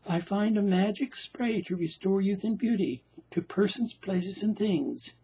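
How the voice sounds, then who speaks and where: A man's voice: high voice, normal speed, warm tone, husky. A man playing an anxious, self-dramatizing patient, delivering rhyming lines with dramatic, plaintive emphasis. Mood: excited. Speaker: performer reading a play. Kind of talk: theatrical monologue. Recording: dull lo-fi recording.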